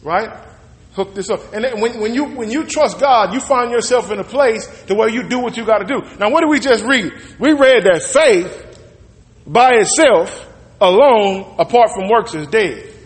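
A man's voice: sits high, expressive, normal speed. A man preaching a sermon, retelling a story in a loose, conversational way and acting out the characters' lines. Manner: storytelling with conversational asides and acted-out quotes. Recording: echoey hall with long reverb.

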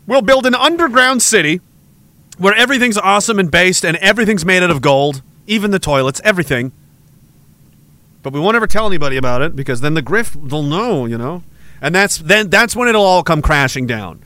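Man from Canada, livestream rant, sarcastic, swears a lot, crisp tense tone. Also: high voice, lively intonation, fairly quick, pushed and bright. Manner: sarcastic, profane, laughing often. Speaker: livestream host. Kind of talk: livestream rant reading chat.

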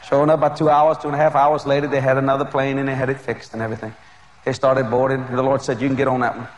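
A male preacher telling a story during a sermon, animated and often laughing as he goes. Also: mid-range voice, racing, a little hiss or hum.

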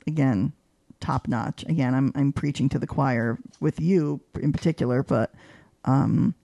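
A woman talking casually in an interview, with a gravelly edge and a mellow, dark tone. She is chatty and animated, full of fillers, and her pitch jumps whenever she acts out what other people said. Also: a little slow, no echo. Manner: voices quoted people with big pitch jumps. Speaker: guest, arts journalist.

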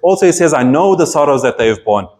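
A man's voice: fairly high pitch, animated, quick pace, darkish tone. A man preaching a sermon, reading scripture aloud and explaining it with earnest emphasis and frequent restarts.

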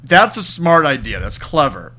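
Bright, lively man laughing through a movie chat. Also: fairly high pitch, moderate pace. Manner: laughs easily, talks through plot points. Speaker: podcast co-host. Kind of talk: casual movie review chat.

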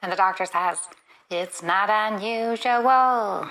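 A woman's voice playing an earnest, literal chatbot assistant in a comedy skit, polite and quick to apologize. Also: mid-range voice, fairly bright tone, poor audio.

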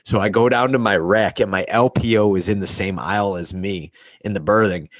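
A man's voice: on the low side, steady tone, a little fast, no room sound, muffled recording. Profane young man telling a navy tale. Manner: profane, rambling, acts out quoted voices. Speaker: storyteller. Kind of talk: casual storytelling.

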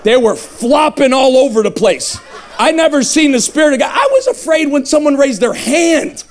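A man in his thirties giving an emphatic, humorous testimony sermon, shouting at the high points. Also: big pitch swings, normal speed. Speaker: evangelist. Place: revival tent.

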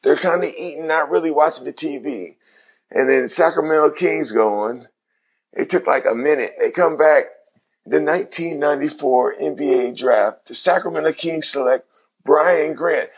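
A man's voice: on the high side, moderate pace, breathy edge. A middle-aged man, a former basketball player, telling his story in an interview, acting out the voices of people he quotes.

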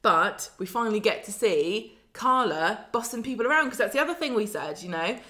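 A woman's voice: mid-range voice, lively intonation, pushed and bright. Chatty woman recapping a soap. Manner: chatty, acts out lines in quick put-on voices. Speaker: podcast co-host. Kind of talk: casual chat recapping a soap episode.

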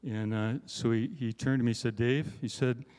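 A man's voice: medium pitch, fairly even intonation, moderate pace, a little mellow, smooth. A man delivers a sermon in a casual, joking way, tossing in frequent "right?" asides to the listeners. His voice sits in the middle of the male range. The sound carries a long reverb from a large hall. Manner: conversational, self-deprecating, frequent "right?" asides. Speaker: conference speaker.

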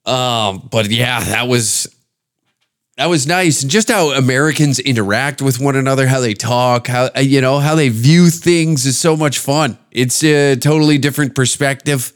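A man's voice: medium pitch, moderate pace. A man, a podcast host and stand-up comedian, riffing in a profane, rambling, jokey comedic monologue. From Canada.

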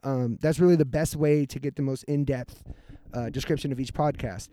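Laid-back swearing podcast host, dry sound. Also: male voice, medium pitch, steady tone, moderate pace, dark tone, no echo. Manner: laid-back, swears often, laughs easily. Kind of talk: casual podcast chat and outro.

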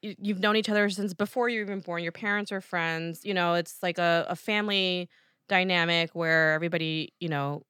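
A woman with a New Jersey accent co-hosting a casual chat, thinking aloud and filling pauses with "you know.". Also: fairly low pitch, fairly even intonation, bright, forceful tone, smooth, no echo, clean studio sound. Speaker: podcast co-host.

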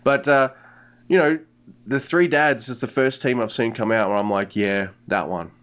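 A man co-hosting a podcast, excitable and profane in casual wrestling chat. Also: mid-range voice, normal speed. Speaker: podcast co-host. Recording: dull lo-fi sound.

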